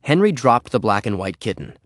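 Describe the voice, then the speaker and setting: A man reading a children's story aloud in an expressive way. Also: mid-range voice, fairly quick, no echo, clean studio sound. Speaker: narrator.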